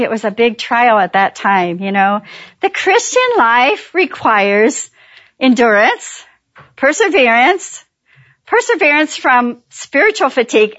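A middle-aged woman and pastor's wife, telling a church audience about her ministry in a chatty, animated way and laughing at her own jokes. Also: on the high side, highs cut off. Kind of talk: warm personal testimony talk.

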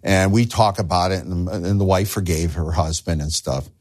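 A man's voice: deep voice, fairly even intonation, moderate pace. A man preaching a sermon as a pastor, earnest, asking the listeners rhetorical questions and repeating words as he starts phrases.

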